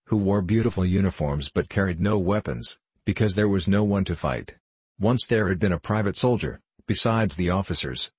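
A man narrating a children's fantasy book aloud in a steady storytelling manner. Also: low voice, husky, dry recording. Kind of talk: audiobook narration.

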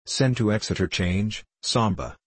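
A man voicing a teasing old gentleman. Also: lowish voice, a little slow, breathy edge, no echo. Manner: boisterous, mocking.

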